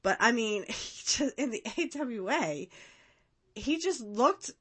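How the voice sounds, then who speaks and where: A woman's voice: on the high side, lively intonation, takes it slowly, fairly bright tone, husky. A woman hosting a casual watch-along podcast, chatty and rambling, often breaking into laughs. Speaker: podcast host.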